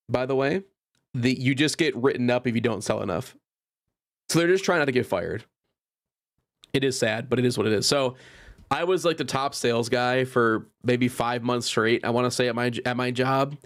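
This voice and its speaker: A man's voice: medium pitch, dry recording, clean studio sound. A man in his thirties hosts his own show, spinning loose anecdotes in a mid-range voice. He rambles and restarts, swears casually, and laughs at his own stories. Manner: rambling, self-interrupting, profane, frequent laughs. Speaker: podcast host. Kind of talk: casual storytelling monologue.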